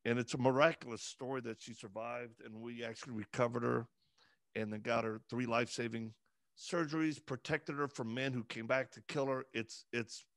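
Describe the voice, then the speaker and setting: Gravelly earnest man, dry close sound. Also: medium pitch, level tone, fairly bright tone, no echo. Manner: earnest, halting, many fillers and restarts. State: emotional, voice breaking at times. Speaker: interview guest. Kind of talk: conversational interview.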